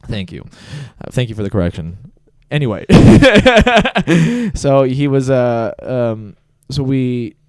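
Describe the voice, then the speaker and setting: A man on a casual comedy podcast, telling a long work story with lots of swearing and loud bursts of laughter. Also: medium pitch, takes it slowly, no room sound, clean studio sound. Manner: animated storyteller, swears freely, laughs loudly at his own story.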